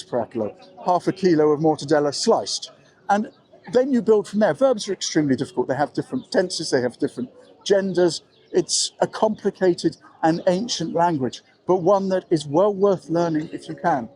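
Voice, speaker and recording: A middle-aged man with an English accent talks straight to the camera in a frank, easy way, poking fun at himself now and then. His voice sits a touch higher than most men's. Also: a little mellow. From England. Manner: frank, conversational, self-deprecating. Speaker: vlogger living abroad. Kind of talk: advice talk to camera.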